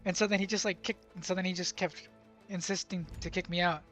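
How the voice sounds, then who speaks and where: A man's voice: sits high, steady tone, brisk, fairly bright tone, faint music behind. A young man telling a confusing story from his job site in a casual, rambling way, full of fillers and restarts. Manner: bilingual, speaks Spanish at work. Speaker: vlogger.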